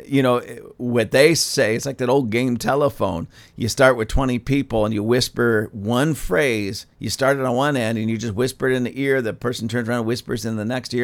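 A man who is a pastor, preaching on his podcast in an emphatic, conversational way, repeating phrases for emphasis. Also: medium pitch. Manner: conversational asides with fillers.

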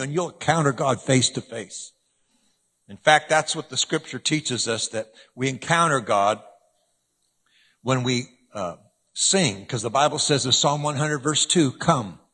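Husky-voiced man preaching a lively sermon. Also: mid-range voice, a little slow, long reverb tail. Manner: animated preaching with sudden shifts between loud emphasis and hushed asides.

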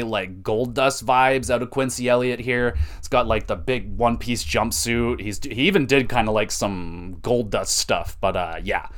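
A young man hosting a podcast, reviewing wrestling matches in casual, excitable chat and swearing freely. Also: medium pitch. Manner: excitable, profane, enthusiastic.

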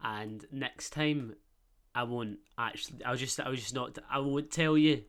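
Sweary, bright Glaswegian man rambling. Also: medium pitch, a little slow. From Scotland. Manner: rambling, sweary, self-mocking banter. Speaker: podcast host. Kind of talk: casual solo podcast chat.

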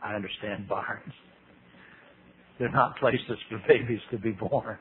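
Animated man preaching with humor. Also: unhurried. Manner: animated storytelling with big pitch leaps; acts out quotes in voices. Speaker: Bible teacher. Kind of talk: humorous sermon. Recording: tinny radio broadcast with faint hiss.

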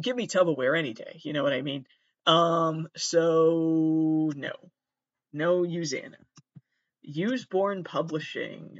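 A male podcast host with a fairly high voice delivers a rambling, self-mocking comic monologue, stumbling over names. The recording is dry, dull, lo-fi, and slightly muffled.

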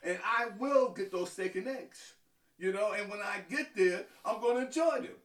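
A man from Harlem, New York, a deacon giving halting interview answers that often stumble and repeat words. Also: high-pitched, a bit bright. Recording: echoey, from far off.

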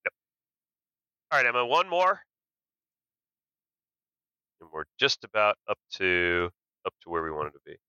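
A man co-hosting a podcast about a board game, with a very bright, crisp and smooth voice recorded dry and close. He often agrees with his co-host and breaks in to clarify how the rules play out. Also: lowish voice, very animated, no echo, dull audio. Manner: agreeable, quick to confirm and clarify. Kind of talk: casual game strategy chat.

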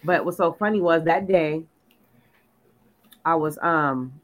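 A woman telling a personal story in casual chat, animated and full of "like", acting out what people said. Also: sits low, takes it slowly, poor audio. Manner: animated storyteller, lots of "like", acts out quotes. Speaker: podcast co-host.

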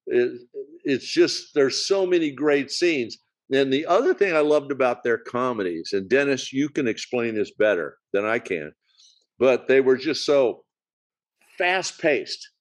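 A man talking about his favorite classic comedies, halting and searching for words. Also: medium pitch. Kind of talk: casual film discussion.

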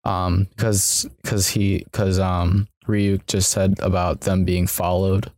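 A man's voice: low-pitched, flat delivery, slow pace, a little mellow, dry recording, studio quality. A man on a podcast over a video call, rambling with many fillers and swear words. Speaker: podcast guest. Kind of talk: casual chat.

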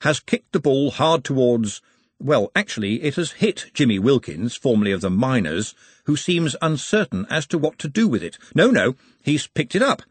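A man's voice: medium pitch, breathy edge, no room sound. A man voicing a flustered young male reporter who keeps correcting himself as he describes a match. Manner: flustered, fussy, self-correcting.

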